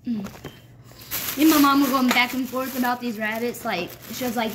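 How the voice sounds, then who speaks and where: A woman's voice: a little high, fairly even intonation, fairly quick. A young woman vlogging casually at home while cleaning a rabbit cage, rambling and playfully scolding her pets. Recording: loud background noise.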